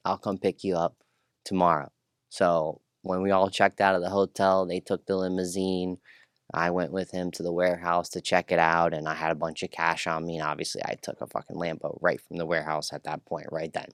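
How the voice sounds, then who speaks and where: Deep-voiced man telling wild stories. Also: fairly quick, no echo, clean studio sound. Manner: profane, rambling, animated storyteller. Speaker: podcast guest. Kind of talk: casual storytelling interview.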